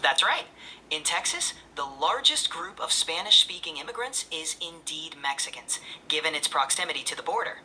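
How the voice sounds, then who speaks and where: A woman's voice: low-pitched, sing-song, normal speed, bright, forceful tone, a little hiss or hum. A synthetic woman's voice acting as an AI assistant, answering in a cheerful, eager and polished way. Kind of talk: upbeat assistant replies.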